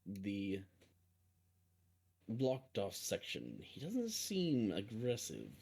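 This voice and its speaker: A man playing a tabletop role-playing game, speaking slowly and hesitantly as he searches for words, partly in character. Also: on the low side, huge pitch swings, vocal fry, darkish tone, husky. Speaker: player.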